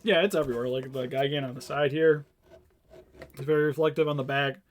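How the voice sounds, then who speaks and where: A man's voice: medium pitch, steady tone, a little fast, slight background noise. A young man co-hosting a casual toy review, talking enthusiastically and rambling with lots of fillers. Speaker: co-host reviewing toy figures.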